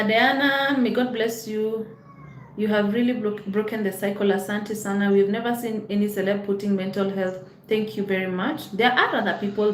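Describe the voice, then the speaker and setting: A woman's voice: mid-range voice, slight background noise. Encouraging woman in a roomy echo. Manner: earnest, encouraging, mixes in Swahili phrases. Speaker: host and life coach. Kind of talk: live stream chat answering viewer comments.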